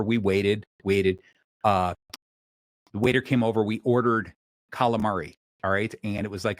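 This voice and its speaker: A man hosting a podcast, chatting casually and telling lively stories in which he acts out clerks and waiters. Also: on the low side, a little fast, no echo. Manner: animated storyteller acting out store clerks. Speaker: podcast host. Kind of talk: casual conversation.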